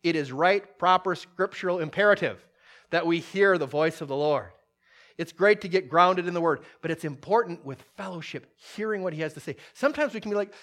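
A man preaching a conversational sermon as pastor, swinging from loud bursts to hushed lines, with playful asides. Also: high voice, a little fast. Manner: tosses in playful asides and laughs.

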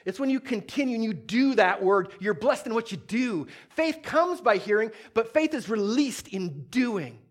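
A man's voice: sits high, animated, normal speed, hardly any pauses. A middle-aged man preaching a sermon, telling a story with laughs and putting on little voices.

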